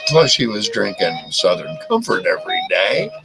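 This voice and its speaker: A man's voice: on the low side, big pitch swings, normal speed, gravelly, rough recording. A middle-aged man hosting a live stream, telling rambling stories in a casual way and swearing freely. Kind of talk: casual storytelling chat. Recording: music playing in background.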